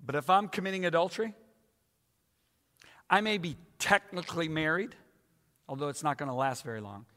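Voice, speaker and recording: A man's voice: a little high, fairly quick, long pauses, fairly bright tone. A man in his sixties preaching a sermon with emphatic, dramatic repetition. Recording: echoey hall.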